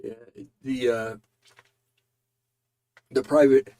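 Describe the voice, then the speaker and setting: A man's voice: medium pitch, steady tone, very slow, dark tone. A man hosting casual political commentary, tired and yawning, rambling with many fillers and restarts.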